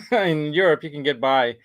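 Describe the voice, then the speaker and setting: A man hosting a casual show, telling a story in a rambling, animated way with laughs. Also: on the high side, a little slow, no echo, low-quality recording. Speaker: show host. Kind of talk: casual chat.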